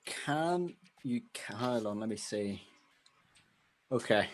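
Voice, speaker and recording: A man's voice: mid-range voice, animated, slow pace. A man playing in a tabletop game, bantering casually with frequent laughs and restarts. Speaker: player.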